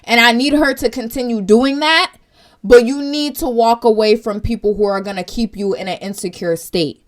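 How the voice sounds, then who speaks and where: Brief: young woman vlogger, earnest and direct, slightly high voice. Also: normal speed. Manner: earnest, direct, tearful at times. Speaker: vlog host. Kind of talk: emotional commentary vlog.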